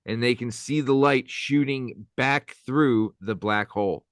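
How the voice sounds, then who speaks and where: A hoarse young man co-hosting a comedy podcast, rambling playfully with lots of fillers and goofy asides. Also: mid-range voice, fairly even intonation, a little slow, hardly any pauses, fairly bright tone, no echo, clean studio sound. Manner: rambling, playful, full of filler and silly voices. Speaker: podcast co-host.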